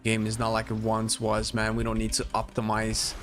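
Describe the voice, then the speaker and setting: A man giving casual commentary while playing a game, animated and swearing as he plays. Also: on the low side, moderate pace, soft background music. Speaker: gaming streamer.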